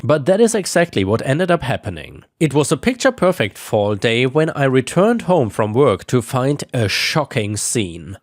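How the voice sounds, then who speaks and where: Lively, sarcastic male story narrator. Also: mid-range voice, no echo, clean studio sound. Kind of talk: dramatic first-person story narration.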